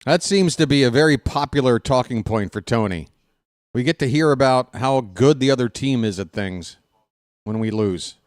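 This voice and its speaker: A man's voice: mid-range voice, normal speed, dry recording. A man ranting sarcastically and with exasperation as a fan commentator, in casual live baseball talk on a close desk mic.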